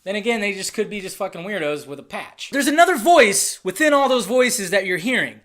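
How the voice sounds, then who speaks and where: A man chatting through a film trailer in a loose, excitable way. He rambles, speculates and swears freely, jumping from one thought to the next. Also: high-pitched, a little fast. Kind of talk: casual video commentary.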